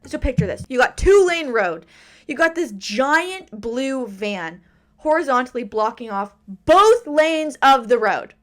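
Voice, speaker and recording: Animated female podcast host, dramatic storyteller, bouncy and high in pitch. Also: measured pace.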